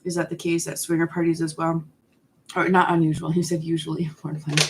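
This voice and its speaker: A woman's voice: deep voice, flat delivery, fairly quick, background noise. A woman in her forties hosting a live stream, chatting candidly and answering viewers' questions while snacking on candy. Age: 40s.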